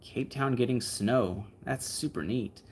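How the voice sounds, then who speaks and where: Speaking a little slowly, a man with a medium-pitched, darkish, slightly rough voice hosts a livestream. He chats casually and answers comments in an easygoing, rambling style, with frequent fillers and asides.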